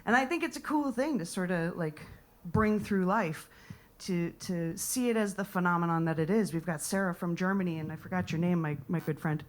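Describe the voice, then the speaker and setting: A young American woman with a voice on the low side speaks at a moderate pace. A comedian and improviser, she performs a rambling, playful stand-up set at a live comedy night, addressing the audience directly and slipping into whispered asides.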